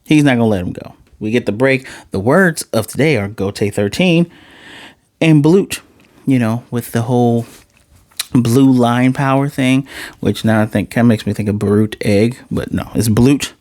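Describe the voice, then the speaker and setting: A man giving a casual, animated recap of an anime episode, swearing freely and restarting his phrases as he goes. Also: mid-range voice, moderate pace, no echo, studio quality. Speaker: anime reviewer.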